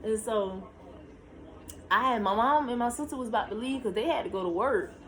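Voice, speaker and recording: A young woman telling her own story to camera in a casual vlog, talking straight to her viewers and jumping high in pitch when she relives tense moments. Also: fairly quick, slight background noise, rough recording. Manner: talks to viewers directly, shushing her child between lines.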